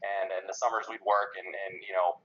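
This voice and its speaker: A man's voice: sits low, steady tone, brisk, a bit bright. A man co-hosting a casual chat podcast, telling laid-back, jokey stories. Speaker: podcast co-host. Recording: dull lo-fi recording.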